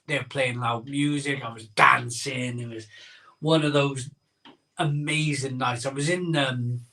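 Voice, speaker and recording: A man's voice: medium pitch, fairly even intonation, measured pace, pushed and bright, recorded from a distance. A man hosting a live beer-drinking show, telling a rambling story in casual chat and repeating his phrases as he goes.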